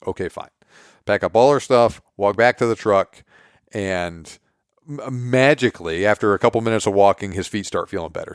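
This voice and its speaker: A man's voice: on the low side, clean tone, dry recording, clean studio sound. A man hosting a podcast, casually recapping a story and acting out quoted dialogue. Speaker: podcast host.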